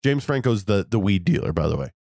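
Young male co-host, low voice, laid-back and reflective, dry sound. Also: lively intonation, quick pace, gravelly, darkish tone, dry recording. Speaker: podcast co-host. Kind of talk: casual chat.

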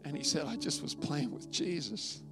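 A man with a slightly high voice preaches to a congregation, moving between quiet storytelling and loud, swelling exhortation. Soft music plays faintly underneath. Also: sing-song, normal speed. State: tearful at times. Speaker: pastor. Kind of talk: sermon.

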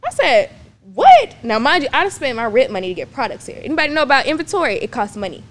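A young woman telling a personal story in a casual, animated way, acting out the lines of the people in it. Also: sits high, racing. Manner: animated, acts out quoted dialogue. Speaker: guest.

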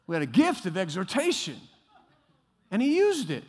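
A male pastor preaching a sermon, shifting from quiet musing to loud exhortation and acting out the voices he quotes. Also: high voice, huge pitch swings, normal speed, slightly rough. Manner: acts out quoted voices, laughs at himself. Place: church sanctuary. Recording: long hall reverb.

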